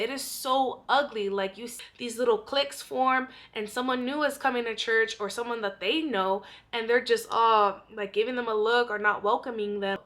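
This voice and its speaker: A woman's voice: a little high, fairly bright tone. A young woman vlogger giving blunt, profane advice in a casual monologue, often out of breath.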